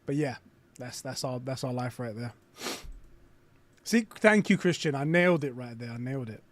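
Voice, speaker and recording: A man hosting a casual live stream, reading aloud and reacting with excitement and frequent swearing. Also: medium pitch, normal speed, no echo.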